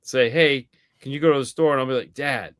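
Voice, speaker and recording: A man co-hosting a podcast in casual chat, telling a story in a lively way and acting out the voices of the people in it, swearing now and then. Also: medium pitch, a little fast, clear, resonant tone, no room sound. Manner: animated storyteller acting out quoted dialogue. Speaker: podcast co-host.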